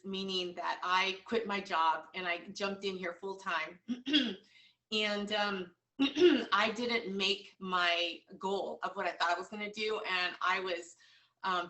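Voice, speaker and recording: A woman's voice: mid-range voice, bright, forceful tone, distant mic. A woman giving a motivational training talk to sales agents, earnest and repetitive, with many fillers. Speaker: team leader coaching sales agents.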